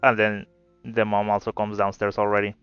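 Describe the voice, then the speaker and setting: A man's voice: lowish voice, monotone, brisk, clear, resonant tone, dry recording. A man telling a story in a casual, rambling way while playing a game, swearing now and then. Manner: rambling, swearing, laid-back. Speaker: gameplay video creator. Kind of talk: casual gameplay commentary with storytelling. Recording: slightly dull audio with faint game music. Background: faint game music.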